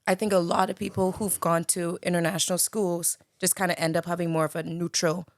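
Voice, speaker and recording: A woman's voice: fairly low pitch, level tone, a little fast, no echo. A young woman from the Bahamas with a light Bahamian accent, chatting as a podcast guest and filling her talk with "like" and "you know". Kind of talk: casual conversation.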